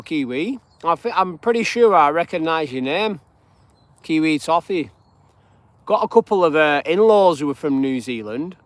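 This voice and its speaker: Chatty northern English man, fairly high voice. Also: no echo. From northwest England. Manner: rambling and chatty, greets viewers by name. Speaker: live-streaming channel host. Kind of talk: casual live-stream chat. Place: outdoors on a dog walk.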